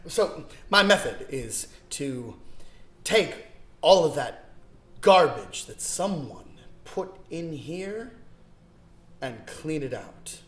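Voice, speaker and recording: A man's voice: fairly high pitch, very animated, slow, pauses often, a bit bright, very echoey, far from the mic, heavily acted. An actor playing a pompous, self-important male acting guru lecturing in a grandiose theatrical manner. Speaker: acting teacher.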